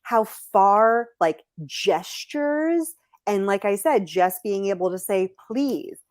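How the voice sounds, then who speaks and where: A woman's voice: mid-range voice, slow, no room sound, clean studio sound. A woman from the United States talking casually as a podcast guest, telling stories full of fillers. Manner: animated storytelling with many fillers. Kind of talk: casual conversation.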